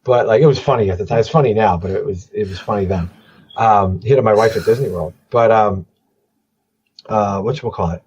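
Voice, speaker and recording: A man's voice: on the low side, brisk, darkish tone, lo-fi sound, slight background noise. A man talking casually on a podcast, rambling and swearing as he tells wrestling stories. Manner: rambling, profane, trailing into mumbles.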